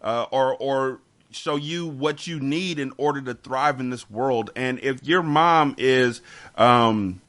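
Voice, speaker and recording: A man's voice: mid-range voice, slow pace, a bit bright. A man hosting a casual podcast chat, talking emphatically and repeating words as he gets heated. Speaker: podcast host.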